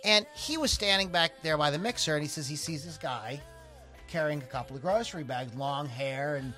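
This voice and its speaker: A man's voice: fairly high pitch, fairly quick, bright, forceful tone, soft background music. A man from Philadelphia co-hosting a rock podcast, chatting casually in a rambling way full of fillers and false starts. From Philadelphia, USA. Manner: rambling, filler-heavy and self-interrupting. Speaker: podcast co-host. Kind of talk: casual chat.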